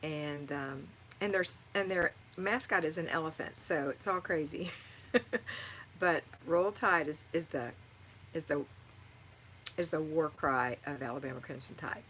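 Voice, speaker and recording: A woman's voice: low voice, a little slow, fairly bright tone, a little hiss or hum, poor audio. A middle-aged woman hosting a live stream, reading viewer comments aloud and giving encouraging, motherly advice. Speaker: livestream host answering viewer chat.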